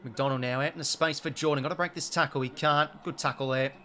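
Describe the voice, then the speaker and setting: A man's voice: fairly high pitch, steady tone, fast talker, pushed and bright. A young Australian man hosting a live sports watch-along, chatting casually and reacting to the play. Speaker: live stream host.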